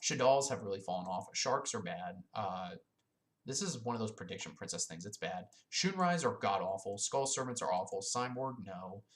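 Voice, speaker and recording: A man's voice: fairly low pitch, lively intonation, normal speed. A young man giving blunt, profane, casual commentary on his own, dismissive and full of filler ums. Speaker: YouTuber ranking card game decks.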